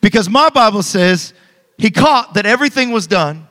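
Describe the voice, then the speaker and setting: A man in his thirties preaching with energy, his voice high and bright. He keeps calling on the congregation to answer back. A long hall reverb trails behind him. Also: normal speed. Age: 30s. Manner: energetic, calls for congregation responses. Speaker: pastor. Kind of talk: sermon.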